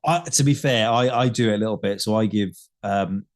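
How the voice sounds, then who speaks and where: A man's voice: fairly low pitch, brisk. A man co-hosting a casual whisky podcast, joking and laughing as he talks. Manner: jokey, laughing. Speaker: podcast co-host. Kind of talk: casual chat.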